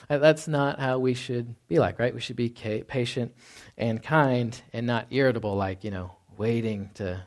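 A man preaching a sermon as pastor in a relaxed, conversational way. He often adds "right?" asides and drops to a quiet voice for emphasis. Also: mid-range voice, normal speed. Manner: conversational, with frequent "right?" asides and soft laughs.

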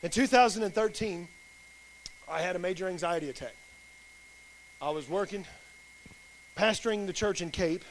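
A man's voice: high-pitched, normal speed, long pauses. A man delivers a sermon, weaving in his own testimony. His talk is plain-spoken and folksy, with easy colloquial grammar. A faint hum sits behind him. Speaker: pastor.

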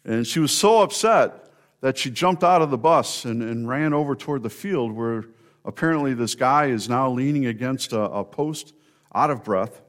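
A man's voice: medium pitch, expressive, normal speed. A man preaching a sermon, telling stories in a conversational way and speaking directly to members of the congregation. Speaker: pastor.

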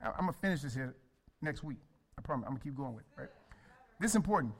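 A man's voice: medium pitch, animated, very fast, slightly rough. A male pastor preaching a sermon in a folksy, colloquial way, calling on the congregation to respond and addressing listeners by name.

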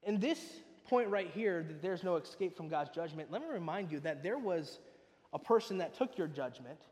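A man preaching a sermon, emphatic and swinging between loud, pressing lines and hushed ones. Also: on the high side, animated, normal speed, long reverb tail.

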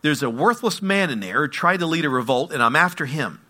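A man's voice: fairly high pitch, lively intonation, fairly quick, pushed and bright. A man preaching who voices a blunt army commander answering plainly. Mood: firm. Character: blunt army commander, firm and matter-of-fact.

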